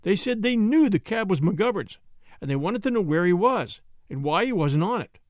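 A man narrating a story in an expressive, scripted reading. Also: high voice, normal speed, no room sound, clean studio sound. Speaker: audiobook narrator.

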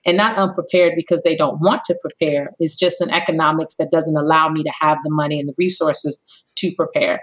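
A woman in her thirties, a company co-founder, tells her story in a podcast interview, acting out dialogue with big pitch jumps as an animated storyteller. She talks fairly quickly, and the recording is low quality.

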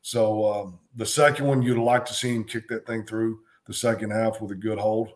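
A man's voice: lowish voice, little pitch movement, normal speed. A middle-aged man, a former football coach and co-host, talking sports in a casual, emphatic way, repeating phrases to drive his points home.

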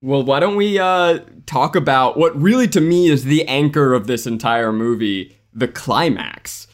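A man's voice: medium pitch, unhurried. A man co-hosting a casual podcast chat, earnestly laying out his opinion. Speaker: podcast co-host.

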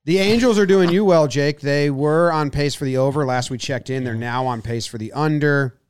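A man's voice: a little high, moderate pace, clear, resonant tone, no room sound, studio quality. A man co-hosting a casual sports podcast, joking around and breaking into goofy voices. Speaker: podcast co-host.

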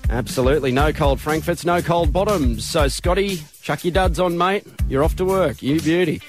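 A cheery Australian man hosting breakfast radio, his voice pitched high and quick with banter. He laughs big at callers' jokes. Music plays clearly under him. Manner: jovial, laughs loudly at callers. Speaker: radio breakfast show host.

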